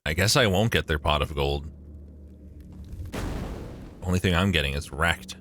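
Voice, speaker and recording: A man's voice: extremely low pitch, normal speed, a bit bright, slight background noise. A young man streaming a game live, chatting with his viewers, swearing often and joking sarcastically.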